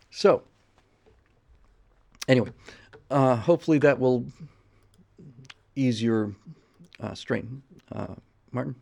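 Gravelly, rambling middle-aged man. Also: mid-range voice, drawn-out words, pauses often. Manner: rambling, repeats words while thinking. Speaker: livestream host. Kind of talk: casual livestream chat.

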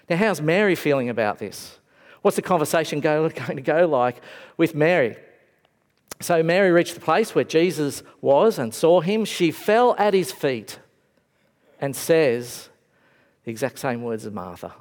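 A man with a slightly high voice preaches a sermon in a large hall, his words trailing off into a long reverb. His delivery is reflective and conversational, and he moves between raised emphasis and quiet, hushed moments. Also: sing-song, unhurried.

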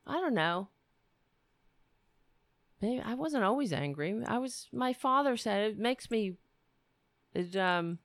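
A woman's voice: deep voice, gravelly, dry recording. A woman hosting a livestream, ranting angrily with profanity and self-mockery. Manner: angry, profane, self-mocking. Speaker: livestream host. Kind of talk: ranting commentary.

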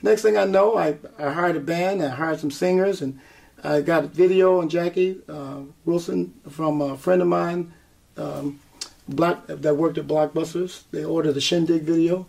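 A man's voice: fairly high pitch, moderate pace, vocal fry. A man, a singer, telling his story in an interview, acting out what people said to him and laughing often. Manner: animated storyteller, acts out quotes, laughs often. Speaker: guest singer and performer.

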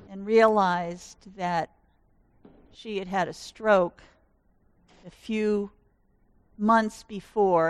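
A woman pastor giving a sermon in slow, measured storytelling. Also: mid-range voice, no room sound.

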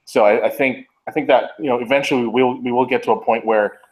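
A man's voice: medium pitch, steady tone, fast, poor audio. A man on a gaming podcast answering a question thoughtfully, with many hesitations. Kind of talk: casual chat.

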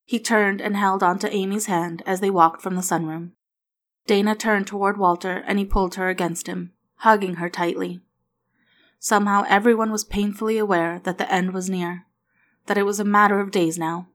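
A woman narrating a story aloud in an even, steady manner. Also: medium pitch, moderate pace.

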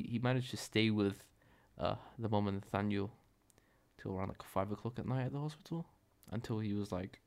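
In a lowish, creaky voice, a young man tells a story on his casual solo podcast. The telling rambles, swears freely, and keeps correcting itself.

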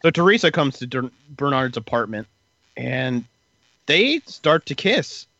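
A man's voice: medium pitch, sing-song, a little slow, pushed and bright, no room sound, muffled recording. A man casually retelling story events in a podcast chat, rambling with lots of fillers.

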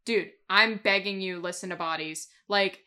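A woman co-hosting a casual podcast, excitable and quick to gush and laugh. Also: medium pitch. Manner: excitable, laughs often, gushes. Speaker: podcast co-host. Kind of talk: casual chat.

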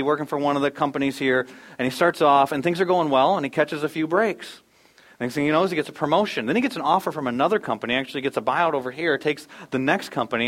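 A man's voice: on the high side, fairly bright tone. A man in his thirties preaching a sermon as a pastor, conversational and storytelling, acting out the voices in his stories.

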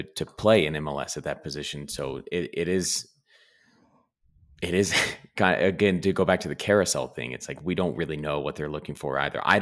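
Very deep-voiced podcast host. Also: male voice. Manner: relaxed, hesitant, many fillers. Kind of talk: casual podcast chat.

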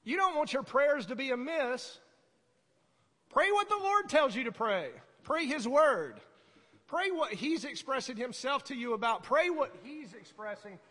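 A woman preaching a sermon in a conversational way, breaking into sudden shouted bursts. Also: high voice, lively intonation, unhurried. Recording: echoey hall.

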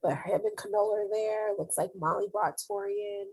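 Woman with kinda husky voice, chatty and emphatic, repeats words when excited. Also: mid-range voice, fairly quick, poor audio. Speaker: co-host recapping a TV episode. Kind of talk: casual chat.

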